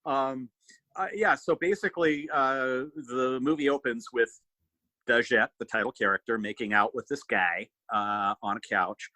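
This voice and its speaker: A man hosting a podcast, riffing on a movie in an animated, swearing, casual chat. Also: medium pitch, a little slow, dry recording, rough recording. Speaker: podcast host.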